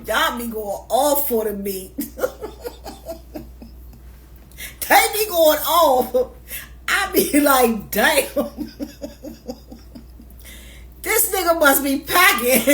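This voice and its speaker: A woman vlogging in a casual rant, moving from quiet, hushed asides to loud, laughing storytelling. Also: a little high.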